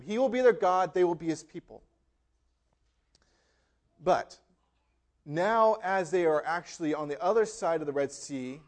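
A man preaching a sermon, reading scripture aloud with emphatic, dramatic delivery. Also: high-pitched. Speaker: pastor.

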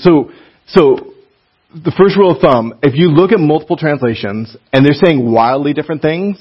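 Guy teaching bible class, chatty and animated, kinda dull lo-fi recording. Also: medium pitch, breathy edge. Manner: animated, chatty, laughs often, reads passages aloud. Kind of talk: casual classroom lesson.

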